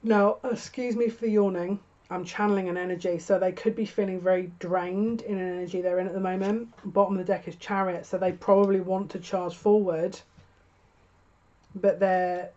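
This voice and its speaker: A woman's voice: lowish voice, level tone, moderate pace, darkish tone, dull audio. A woman giving a tarot reading to camera, musing and thinking aloud with frequent restarts. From United Kingdom. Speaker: tarot reader.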